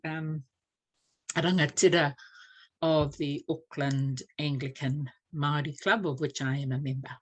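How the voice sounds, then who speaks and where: In a church language series, a low-pitched woman demonstrates Māori pronunciation by example. She takes her time, and her explanations are heavy with fillers.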